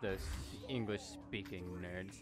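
A man's voice: sits low, takes it slowly. A young man hosting a VR gameplay video, playful and jokey, laughing often as he talks. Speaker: gaming YouTuber host. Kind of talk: excited gameplay commentary. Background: background music.

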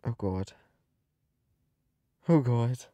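Dramatic, slow-talking male gamer. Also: mid-range voice, expressive, dark tone, no echo. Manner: dramatic and panicky, laughs and exclaims often. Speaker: gaming video creator. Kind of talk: live gaming commentary.

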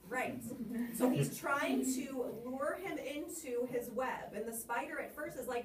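A woman's voice: sits high, unhurried, roomy sound, recorded from a distance, noisy background. A woman teacher coaching a student on reciting a poem, encouraging and asking guiding questions.

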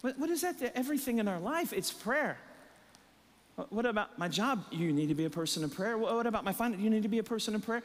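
Man preaching, strained voice, high pitch, reverberant church hall, rhetorical questions. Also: lively intonation, quick pace. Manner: impassioned, emphatic repetition, rhetorical questions. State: voice strained, catching his breath. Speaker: pastor. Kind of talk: sermon. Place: church sanctuary.

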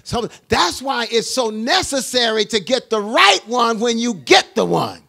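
High, raspy older bishop preaching. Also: male voice, sing-song, a little slow. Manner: call-and-response preaching that swells into shouting. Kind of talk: sermon. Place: church. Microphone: handheld mic.

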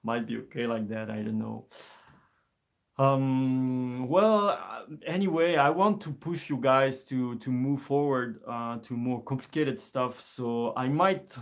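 A man teaching an instrument lesson on a live stream, speaking in a relaxed, hesitant way with many fillers and restarts. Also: mid-range voice, takes it slowly, creaky. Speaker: music teacher.

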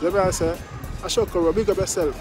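Jamaican male vlogger, high-pitched, emphatic patois commentary, music underneath. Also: steady tone, fairly quick. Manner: emphatic, repetitive, patois-laced. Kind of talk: commentary vlog.

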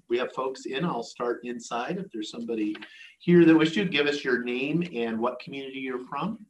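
A man chairing a county board meeting, running procedure in a halting way with fillers. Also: mid-range voice, a bit bright. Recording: echoey meeting room, faint room noise.

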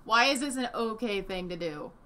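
Indignant, lively young woman vlogger. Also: fairly high pitch, normal speed. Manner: indignant, animated, swears often. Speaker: commentary vlogger. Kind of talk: casual reaction commentary. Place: home room with desk and a dog nearby.

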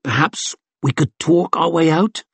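A man's voice: on the high side, takes it slowly, darkish tone, slightly rough, no room sound, voice pushed up, full character voice. A man voicing a wry, muttering woman thief. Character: wary, dry-witted woman thief. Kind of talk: audiobook character voice.

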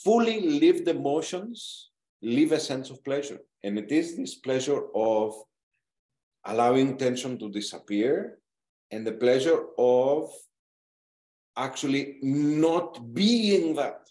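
A man's voice: mid-range voice, expressive, takes it slowly, dark tone. A man leading a therapy session, speaking directly and animatedly, swearing now and then for emphasis. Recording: echoey room.

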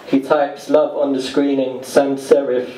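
Deadpan male spoken word poet, slow. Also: mid-range voice, a crowd in the background. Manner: deadpan, rhythmic storytelling. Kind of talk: spoken word poetry performance. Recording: echoey live room, distant mic, noisy.

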